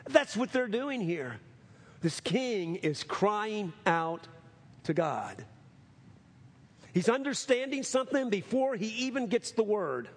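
A man preaching a sermon in a somewhat high voice. He repeats phrases for emphasis and climbs into fervent, near-shouted appeals. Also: very animated, slow. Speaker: pastor.

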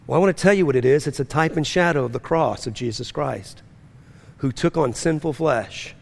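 A man preaching a sermon as pastor to a congregation, swinging between fervent rising lines and hushed, low-key storytelling. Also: vocal fry. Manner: preaching with rising intensity and drops to a near-hush. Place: church.

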